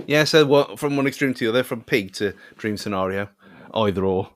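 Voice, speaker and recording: A man's voice: on the low side, fairly quick, no room sound. A man co-hosting a casual podcast, rambling and self-mocking and often trailing off mid-thought. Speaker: podcast co-host.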